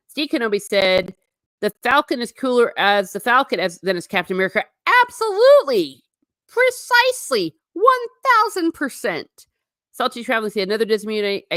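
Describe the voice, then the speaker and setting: A woman hosting a casual livestream, reading out viewer comments and answering them in an animated, sarcastic way with blunt asides. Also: lowish voice, no echo, studio quality. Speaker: host.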